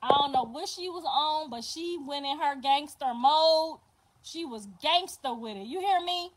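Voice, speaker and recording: An older woman hosting a livestream, telling a story in a casual, animated and profane way, swearing and repeating herself for emphasis. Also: high voice, unhurried. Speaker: livestream host.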